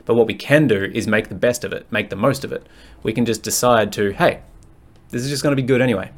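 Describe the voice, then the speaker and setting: A man's voice: mid-range voice, fast talker. A man hosting a fitness podcast alone, talking bluntly and frankly, swearing freely and rambling as he thinks aloud. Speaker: fitness coach and podcast host. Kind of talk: candid solo podcast monologue.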